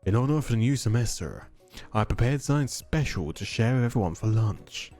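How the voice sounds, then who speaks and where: Picture a proud, courtly old gentleman chef, voiced by a man, holding court with grand formal announcements. His pitch rises and falls in lively swoops, and there is faint music behind him. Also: brisk, lightly acted. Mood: stately. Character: courtly, proud older male chef student.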